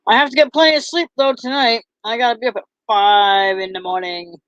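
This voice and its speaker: Woman vlogger, casual and halting, lots of ums; dry, muffled recording. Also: fairly high pitch, fairly even intonation, fairly bright tone, no room sound. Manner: halting, full of ums and restarts. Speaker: vlogger and bracelet seller. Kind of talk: casual chat to camera. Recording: dull lo-fi, dry sound.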